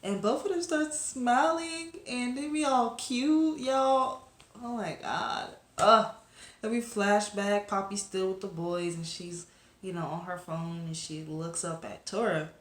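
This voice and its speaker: Woman webcomic reviewer, mid-pitch, loose and rambling, lots of fillers, echoey room. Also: a little slow. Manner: chatty, rambling with fillers and asides to viewers. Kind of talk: casual recap chat to camera.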